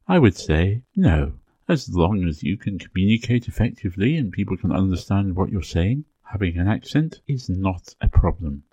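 A man from England speaking with a Received Pronunciation accent, giving a measured, clearly enunciated educational talk as a podcast host. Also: deep voice, very animated, mellow, no room sound, dull audio. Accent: English Received Pronunciation.

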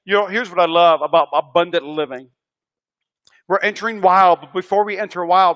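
A male pastor preaching a sermon, swinging between hushed lines and loud, emphatic repeats. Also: sits high, fairly even intonation, normal speed, highs cut off.

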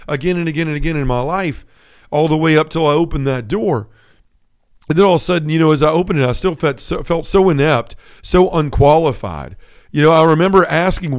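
A man's voice: fairly high pitch, animated, brisk. Earnest middle-aged man giving testimony. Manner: earnest, conversational, with frequent "right?" and "like". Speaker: podcast host. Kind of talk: Catholic faith talk, personal testimony.

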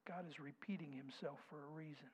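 A man preaching a sermon, dropping to soft whispers and rising to loud, slow declarations. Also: fairly high pitch, breathy edge. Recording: dull sound with long hall reverb.

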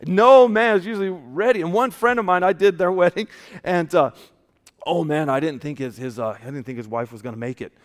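A man preaching a casual, story-filled sermon, often dropping to a soft hushed tone. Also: on the high side, brisk. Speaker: pastor. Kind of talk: conversational sermon with stories. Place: church. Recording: long church hall reverb.

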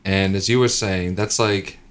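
A man with a somewhat low voice talks casually on a podcast. He sounds easygoing and dry, and tosses in quick asides. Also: fairly even intonation, a bit bright. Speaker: podcast co-host. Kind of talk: casual chat.

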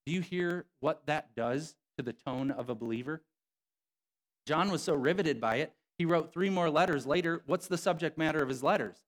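A man preaching a sermon as a pastor, animated and conversational, acting out quotes from scripture in his own voice. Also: a little high, normal speed.

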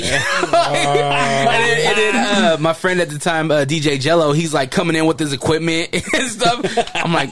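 A young adult man co-hosting a podcast, telling a story in a relaxed, easygoing way. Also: a little high, normal speed, hardly any pauses, background noise. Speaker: podcast co-host. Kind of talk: casual storytelling chat.

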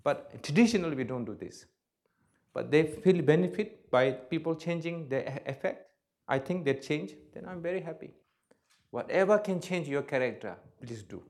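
A man's voice: on the high side, animated, darkish tone. Emphatic man answering audience questions. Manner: halting non-native English, emphatic, acts out examples. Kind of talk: spoken talk and Q&A. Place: lecture hall with audience.

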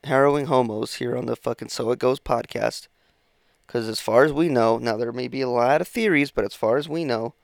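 Rambling, profane man with a gravelly voice. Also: mid-range voice, dry recording, clean studio sound. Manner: rambling, profane, self-interrupting. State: sleepy, yawning. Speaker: podcast host. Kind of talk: casual solo podcast monologue.

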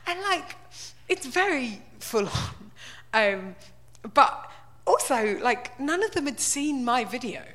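Woman doing a live comic talk, wry, chatty, voice on the higher side. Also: big pitch swings, slow pace, sharp tone. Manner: conversational, wry, full of "like" and "right?". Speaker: comedian. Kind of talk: live stand-up style talk.

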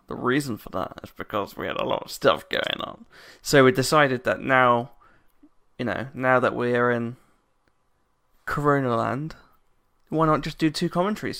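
Gravelly-voiced podcast co-host. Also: male voice, mid-range voice, fairly bright tone. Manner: rambling, self-interrupting, laughs often. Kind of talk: casual podcast chat.

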